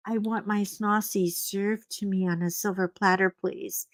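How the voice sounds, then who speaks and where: A woman's voice: mid-range voice, steady tone, measured pace, dry recording, studio quality, voice pushed down, lightly acted. A woman voicing her haughty pampered dog. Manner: haughty, demanding. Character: pampered lazy female pet dog.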